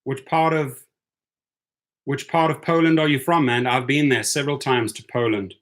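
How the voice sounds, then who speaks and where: A man's voice: medium pitch, fairly even intonation, moderate pace, a bit bright. A middle-aged man with a South African accent, hosting a casual live stream and cheerfully greeting viewers by name. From born in the United States, raised in Europe and South Africa. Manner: chatty, upbeat, greets viewers by name, sings snatches of songs. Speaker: livestream host reading viewer comments.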